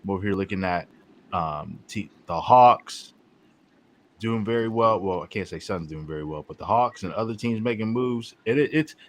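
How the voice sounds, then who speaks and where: A man's voice: on the low side, moderate pace. A man co-hosting a casual sports chat, stammering and laying out his points one by one. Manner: repeats words, lists points by number. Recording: faint background noise.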